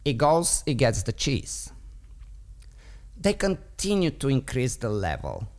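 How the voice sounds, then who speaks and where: A man's voice: medium pitch, sing-song, unhurried, darkish tone. A man who trains dogs, debating on a podcast and explaining a point by telling a story, voicing the thoughts of its characters along the way. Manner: explanatory, tells stories with voiced inner thoughts.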